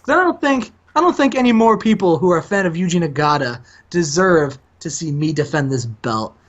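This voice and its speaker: Arrogant veteran wrestling champ, sneering and dismissive, lively pitch, muffled sound, as a man puts him on. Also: fairly quick. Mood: scornful.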